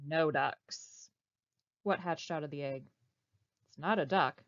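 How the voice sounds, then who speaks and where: A woman librarian reading a picture book aloud to children, pausing to ask them questions. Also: low voice, dry recording. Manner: animated, asks children questions. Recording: dull, slightly muffled recording.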